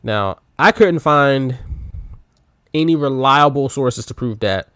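A man co-hosting a podcast in relaxed, offhand casual chat, full of little fillers. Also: medium pitch, slow, no room sound, clean studio sound. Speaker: podcast co-host.

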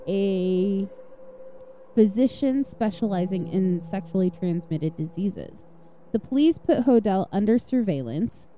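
A woman's voice: medium pitch, warm tone, slight background noise. A woman hosting a true-crime podcast, telling the story in a casual, blunt way with frequent swearing and sarcastic asides. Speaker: podcast host.

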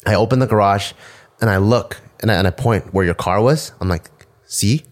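A man co-hosting a podcast, telling casual stories with animated retellings and some swearing. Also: quick pace. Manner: animated storyteller, swears, jumps high when imitating a toddler. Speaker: podcast co-host. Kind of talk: casual podcast chat, storytelling.

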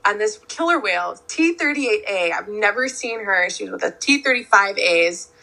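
A young woman on whale-watching boat crew, telling stories in a relaxed, casual way with "like" fillers. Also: medium pitch, normal speed, creaky, poor audio. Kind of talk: casual storytelling.

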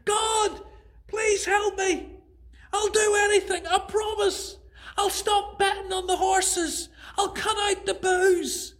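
A man voicing a frightened man who is hanging from a cliff branch and shouting desperately for help, as part of a joke in a sermon. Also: extremely high pitch, steady tone, slow, voice pushed up, full character voice. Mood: panicked shouting.

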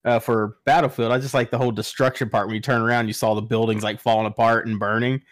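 A man's voice: medium pitch, little pitch movement, quick pace, no echo, studio quality. A man in a casual podcast chat, relaxing into gaming news with a wry tone. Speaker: podcast co-host presenting news.

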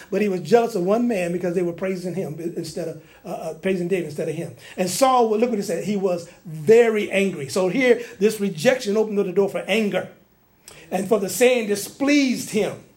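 A male preacher teaching a sermon in an animated way, sometimes acting out the people he quotes. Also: high voice, normal speed.

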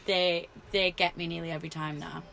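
A woman wrestler telling stories in a casual interview, animated and full of fillers. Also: fairly low pitch, a little fast, creaky, a little hiss or hum. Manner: animated storyteller, many fillers.

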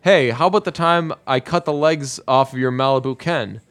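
A man's voice: mid-range voice, moderate pace, fairly bright tone, close to an everyday voice. A man voicing an earnest, slightly whiny young father in his everyday voice. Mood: sheepish. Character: earnest young man, awkward new dad.

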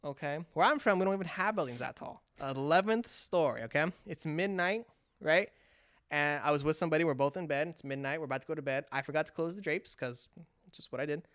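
A Californian speaker with a mid-range voice talks at a quick pace, recorded clean in a studio with no room sound. In casual chat, they tell a long personal story in an animated way, acting out quotes and restarting often.

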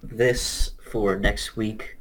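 Low husky man trading dry remarks. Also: fairly even intonation, drawn-out words, rough recording. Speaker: podcast co-host. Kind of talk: casual chat.

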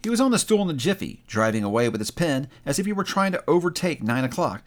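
A man narrating a classic story aloud with expressive, animated delivery. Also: a little high, fast.

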